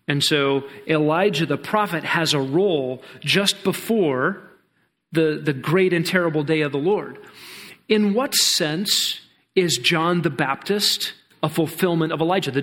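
Bible teacher, man, fairly high voice; earnest, explains step by step and poses questions to the group. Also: unhurried, a bit bright.

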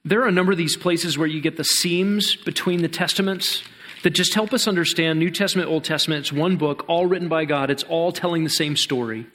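A man leads a Bible study in a voice pitched a little above the usual for men. He explains earnestly and step by step, often stopping to pose a question and then answer it. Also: a little fast, fairly bright tone. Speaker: Bible teacher.

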